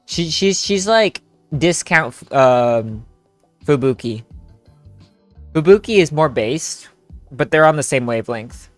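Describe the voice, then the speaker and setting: A man's voice: on the high side, animated, takes it slowly, pauses often, dry recording. A young man streaming a story game with friends, joking, laughing and rambling in casual chat. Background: faint game music.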